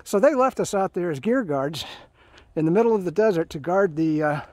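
A man's voice: sits high, expressive, fairly quick, darkish tone, no room sound. A man in his fifties telling his own Marine stories in a rambling, casual way, full of fillers and restarts, as he hikes along a trail. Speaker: Marine veteran storyteller. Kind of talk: casual spoken storytelling. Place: outdoors on a hiking trail. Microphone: phone held while walking.

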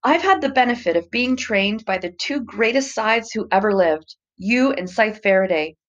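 A woman's voice: medium pitch, animated, normal speed, dull audio, voice pushed up, natural voice. A woman voicing a determined young apprentice. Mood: earnest.

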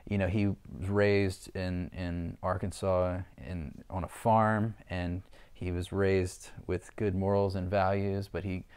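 A man's voice: low-pitched, level tone, slow, a little mellow, smooth. A man, an actor being interviewed, talking thoughtfully and rambling with restarts. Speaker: actor guest. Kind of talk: interview answer.

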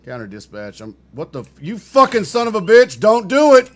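A high-pitched man yelling relentless, profane drill-sergeant orders during game roleplay. His voice sits well above the usual male range, and his insults run on without pause. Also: wildly swooping pitch. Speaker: streamer playing a state trooper.

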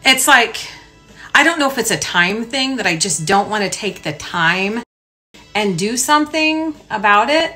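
A woman in her forties chats with her followers in a casual vlog, her voice bright and forward. She rambles and laughs at herself, sliding into little put-on voices for her asides. Soft music plays faintly behind her. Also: mid-range voice, a little slow. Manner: rambling, self-mocking, animated storytelling with mock-voiced asides. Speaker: lifestyle blogger.

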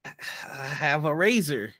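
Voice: medium pitch, sing-song, slow, fairly bright tone, no room sound. A player voicing a shifty male henchman who is flustered and evasive when caught sneaking.

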